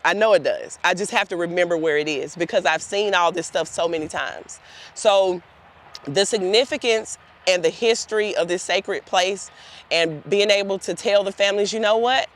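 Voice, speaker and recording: A woman's voice: medium pitch, fairly bright tone. Woman tour guide, outdoors, earnest and heartfelt, talks straight to the group. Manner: earnest, heartfelt storytelling addressing the group directly. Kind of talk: guided tour talk to volunteers. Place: outdoors in a cemetery.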